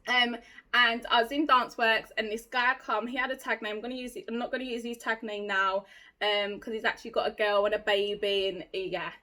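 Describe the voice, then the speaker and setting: Bright-voiced Essex woman, chatty storyteller. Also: a little high, brisk. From England. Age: late 20s. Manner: animated, mimics voices, laughs often. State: runny nose. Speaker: podcast host. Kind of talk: casual storytelling chat.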